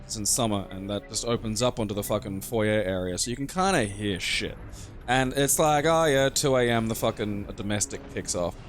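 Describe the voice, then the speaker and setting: A man's voice: lowish voice, normal speed, a little hiss or hum. A young Australian man telling a rambling, profane anecdote in casual chat over a game playthrough, often laughing. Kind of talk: casual let's-play storytelling.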